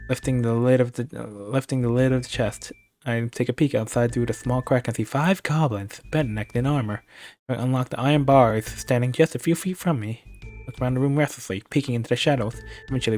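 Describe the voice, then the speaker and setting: A man's voice: medium pitch, fairly even intonation, a little fast, darkish tone, faint music behind. Streamer, male, narrates a text game casually and trips over words now and then. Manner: reads narration with casual asides and stumbles. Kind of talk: reading a text game aloud on a live stream.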